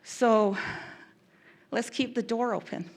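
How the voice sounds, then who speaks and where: A woman who works as a victim specialist giving an earnest, emotional talk, pausing and restarting as she goes. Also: fairly high pitch, steady tone. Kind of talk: public talk.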